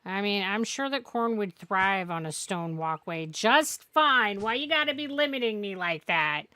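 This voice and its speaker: A woman's voice: medium pitch, expressive, unhurried, sharp tone, no echo. A woman streamer chatting through a farming game, rambling and joking with plenty of swearing. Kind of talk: casual gameplay commentary.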